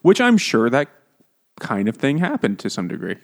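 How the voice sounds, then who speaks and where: A man chatting casually about a book as a podcast co-host, emphatic and animated, slipping into mock voices to act out quotes. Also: medium pitch, normal speed, gravelly. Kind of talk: casual chat.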